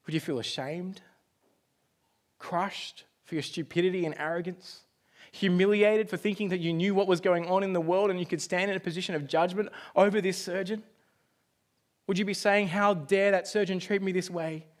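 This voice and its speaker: A man preaching from the pulpit, his voice sitting a little higher than most. He tells his story dramatically, rising to loud outbursts and then dropping to near-whispers. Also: steady tone, normal speed. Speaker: pastor. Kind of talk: sermon.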